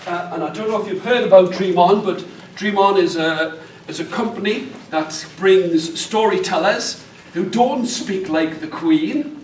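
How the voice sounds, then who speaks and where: High-voiced man with a northeast English accent. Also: a little slow, distant mic, slight background noise. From northeast England. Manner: chatty, jokey, engaging the room. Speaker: storyteller leading a teacher workshop. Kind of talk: lively workshop talk to an audience. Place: large hall with an audience. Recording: echoey hall, mic from afar.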